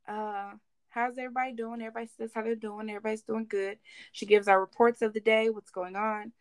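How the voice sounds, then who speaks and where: A woman's voice: a little high, dry recording. A young woman in her twenties co-hosting a podcast, telling a work story in casual, slangy chat and slipping into voices when she quotes people. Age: 20s. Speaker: podcast co-host.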